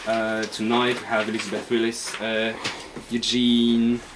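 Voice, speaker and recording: A man's voice: fairly low pitch, monotone, a little slow, noisy background. A man hosting a poetry reading at a bookshop, introducing the poets hesitantly with many fillers. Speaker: event host. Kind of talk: live event introduction.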